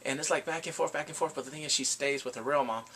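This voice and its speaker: A man giving a rambling, excitable casual recap of a TV drama, reacting with gasps and quoted asides. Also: a little high, fast, slight background noise. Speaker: drama reviewer.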